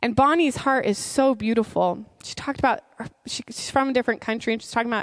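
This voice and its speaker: Woman pastor in her 30s telling a story in her sermon, kinda high voice, dry close sound. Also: quick pace, no echo. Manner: conversational storytelling, earnest and heartfelt.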